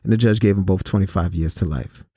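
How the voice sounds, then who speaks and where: A man earnestly telling a personal story to students in a measured way, with pauses and fillers. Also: low-pitched, warm tone, breathy edge, dry recording, studio quality. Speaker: host and speaker on violence prevention.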